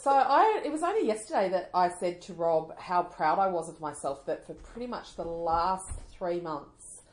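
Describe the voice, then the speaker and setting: A woman, co-hosting a casual chat show, wry and self-mocking and quick to laugh. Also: on the low side, expressive. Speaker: podcast co-host. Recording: roomy echo.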